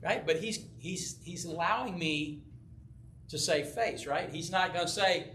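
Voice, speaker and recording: Older pastor, bright and lively. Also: male voice, on the high side, unhurried, a little hiss or hum. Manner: folksy storytelling, acts out quoted voices. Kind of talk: sermon with personal story. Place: church sanctuary. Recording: echoey church from a distance.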